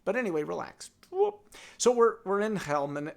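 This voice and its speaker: An older man spins a village folktale. His voice is high and gravelly, and his pitch leaps all over. He is playful and animated, as if he is sharing the tale with a friend. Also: a little fast. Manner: animated, playful, talks to his donkey puppet. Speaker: storyteller. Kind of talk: oral folktale telling.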